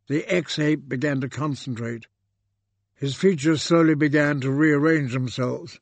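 Slow, deliberate male audiobook narrator. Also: fairly high pitch, no echo. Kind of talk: scripted narration.

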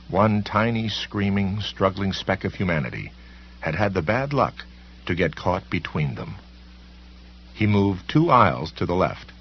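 Deep husky-voiced male narrator. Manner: measured, expressive reading with voiced characters. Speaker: audiobook narrator. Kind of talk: scripted narration. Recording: dull lo-fi recording.

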